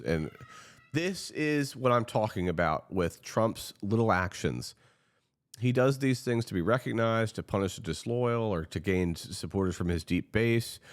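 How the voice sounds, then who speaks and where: A man giving impassioned political commentary, earnest and frustrated, pleading directly with his viewers. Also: fairly low pitch.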